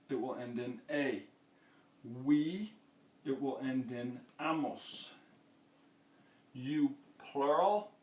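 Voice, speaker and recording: Man, teacher, slow and patient, mid pitch, roomy echo, distant mic. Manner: patient, explains step by step, often checks with okay. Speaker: Spanish teacher. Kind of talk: classroom-style lesson. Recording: echoey room, mic far off.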